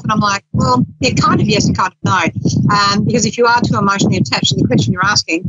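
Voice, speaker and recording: A woman's voice: mid-range voice, fast talker, a bit bright, breathy edge, no room sound. A woman hosting a psychic talk show, chatting casually, laughing often and acting out quotes. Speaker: psychic radio show host. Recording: dull lo-fi stream audio.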